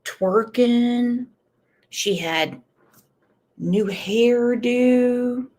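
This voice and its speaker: A congested woman with a cold hosts her casual true crime stream in a slightly high, slightly mellow voice, talking extremely slowly. As she reads chat she stays blunt and outspoken, breaking off for emotional asides.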